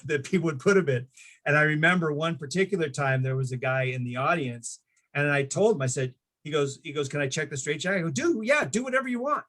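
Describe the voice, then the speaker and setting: Middle-aged male guest, animated storyteller who acts out the people he quotes, slightly high voice. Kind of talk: casual storytelling.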